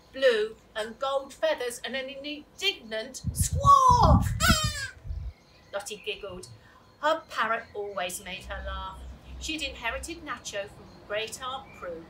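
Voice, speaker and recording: A woman reads a children's chapter book aloud in a lively, expressive storytelling voice of middling pitch. The recording sits a little far from the mic, with a clear steady hiss behind it. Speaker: children's author reading aloud. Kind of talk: storybook reading.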